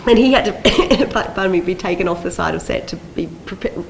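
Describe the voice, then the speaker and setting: Low-voiced Australian woman telling stories. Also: normal speed, gravelly, slight background noise, rough recording. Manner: animated, laughing storyteller who acts out quoted voices. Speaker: panel guest. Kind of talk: convention panel storytelling.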